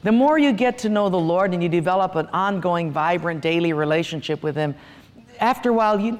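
A man's voice: high voice, brisk, long reverb tail. A middle-aged male pastor preaching a sermon, telling humorous stories with playful asides. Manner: humorous storytelling, lively asides.

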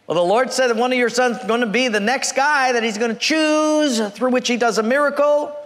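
A man's voice: extremely high pitch, brisk, a bit bright. A man preaching a sermon in a folksy, joking storytelling manner, heard in a church hall. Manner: folksy, joking, chuckles between lines. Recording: long reverb from a hall.

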